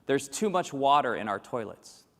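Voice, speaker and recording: A man giving an animated keynote talk to a live audience, quizzing the crowd and acting out quoted voices. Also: medium pitch, normal speed. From grew up in Latin America. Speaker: keynote speaker. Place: large hall with live audience. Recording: echoey hall with long reverb.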